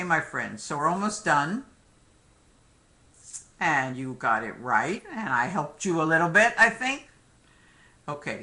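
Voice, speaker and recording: A man's voice: on the high side, bright, forceful tone. A man teaching a live online review lecture, talking conversationally, joking now and then and dropping "okay" and "my friends" between points. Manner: frequent "okay" and "my friends" asides. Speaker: medical exam lecturer.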